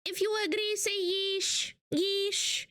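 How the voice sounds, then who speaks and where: A squeaky mock-Italian preacher. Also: female voice, flat delivery, pushed and bright, no echo, clean studio sound, exaggerated voice. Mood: solemn, goofy. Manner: slow, drawn-out sermon cadence. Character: squeaky mock-holy preacher woman, solemn and goofy. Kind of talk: mock sermon on a livestream.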